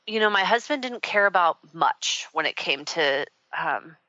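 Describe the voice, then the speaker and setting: A woman's voice: on the low side, expressive, a little slow, sharp tone, no room sound. A woman hosting a radio talk show, telling a personal story in a rambling, candid way with many fillers. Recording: dull, muffled radio audio.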